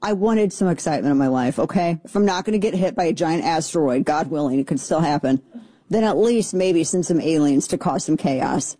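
A show host giving casual commentary in an animated, sarcastic way, full of playful asides. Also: mid-range voice, brisk, no echo.

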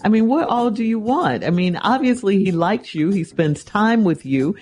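A woman's voice: medium pitch, lively intonation, moderate pace, a little mellow. A woman host reading a listener's letter aloud and answering it with teasing disbelief. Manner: incredulous, teasing. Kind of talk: reading a letter and giving advice.

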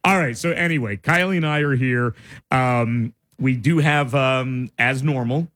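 In a radio studio, a male co-host with a medium-pitched voice swaps stories in easygoing banter at an unhurried pace. He's an animated storyteller who keeps bursting into laughter.

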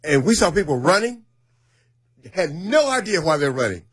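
Animated male radio morning host. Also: on the high side, normal speed, breathy edge, no room sound. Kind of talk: radio banter and on-air prayer.

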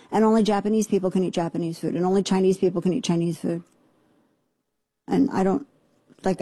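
A woman hosting a talk radio show, delivering indignant, sarcastic commentary in rapid rants. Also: medium pitch, dark tone, no room sound.

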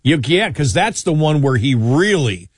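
A man's voice: on the high side, very animated, normal speed, slightly rough, no room sound, clean studio sound. A man hosting a casual political talk show, rambling through anecdotes with many restarts and chuckles. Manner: rambling, self-interrupting, chuckling storyteller. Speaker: radio talk show host.

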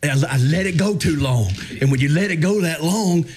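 A man's voice: a little high, moderate pace, slight background noise. A man, hosting a radio show and telling a story in casual chat, acting out the lines of the people in it. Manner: animated, acts out quoted dialogue.

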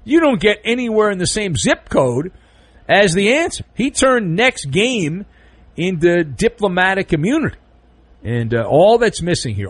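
A sports radio host with a fairly high male voice that leaps all over the place, swinging between big punchlines and muttered asides. He talks in a sarcastic, theatrical, jokey way, with the dry, close sound of a studio mic. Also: no room sound. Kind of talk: animated sports talk monologue.

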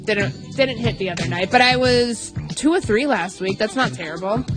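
Radio co-host lady, bit high voice, chatty betting pick with music under it. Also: lively intonation, moderate pace. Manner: casual, chatty delivery of her pick. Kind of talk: betting segment on a radio show. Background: music bed.

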